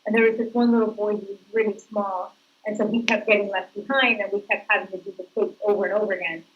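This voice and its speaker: A woman's voice: mid-range voice, fairly even intonation, fast talker, narrow, tinny audio. A woman actress giving casual, chatty interview answers, laughing as she tells stories. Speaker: actress guest.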